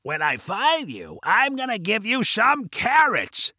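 A man voicing Carrot Man, a goofy male character with an exaggerated raspy growl, drawn out slowly in a weird sing-song way. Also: high-pitched, huge pitch swings, pushed and bright, no echo, clean studio sound, voice pushed up, exaggerated voice. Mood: teasing.

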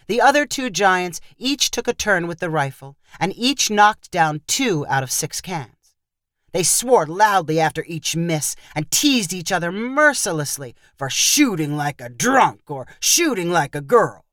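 A man narrating a short story in a measured reading voice. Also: fairly high pitch, very animated, fairly bright tone, no echo, clean studio sound.

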